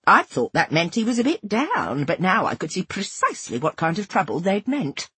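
A woman giving an expressive first-person narration of a novel. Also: on the low side, moderate pace, slightly rough, no echo. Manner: expressive, dramatic. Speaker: audiobook narrator.

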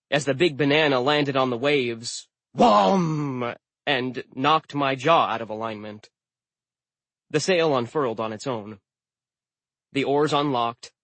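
A male audiobook narrator reads at an unhurried pace with a husky, slightly breathy tone. His delivery is dry and wry, close to a studio mic in a dry room. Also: mid-range voice, a bit bright, no room sound. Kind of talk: first-person storybook narration.

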